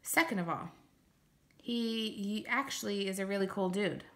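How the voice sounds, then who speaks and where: A woman's voice: medium pitch, moderate pace, fairly bright tone. A woman narrating a first-person story aloud in a plain, conversational way. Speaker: audiobook reader.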